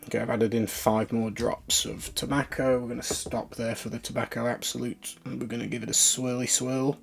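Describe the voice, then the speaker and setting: A man's voice: medium pitch, little pitch movement, moderate pace, creaky, slightly rough. A man chatting casually on a live stream as he works, thinking aloud and talking to his viewers.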